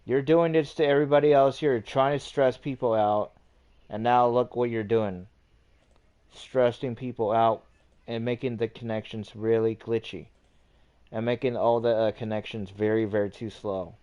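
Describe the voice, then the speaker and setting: Male streamer host, mellow tone, rambling and repetitive, swears a lot. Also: medium pitch, steady tone, moderate pace, clear, resonant tone, highs cut off. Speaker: livestream host. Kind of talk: casual livestream rant.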